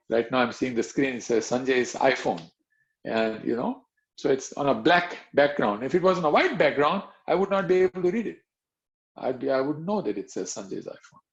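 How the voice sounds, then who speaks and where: A man's voice: medium pitch, vocal fry. A man giving an informal devotional talk over a video call, chatty and conversational, full of asides. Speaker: devotional teacher. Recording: dull lo-fi online call audio.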